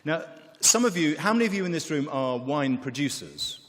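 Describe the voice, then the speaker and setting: A man giving a conference talk, relaxed and joking, with many fillers. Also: on the high side, moderate pace, a little hiss or hum. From England. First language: English. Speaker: wine expert, keynote speaker. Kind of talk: conference keynote with anecdotes. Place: conference hall. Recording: long reverb of a large hall.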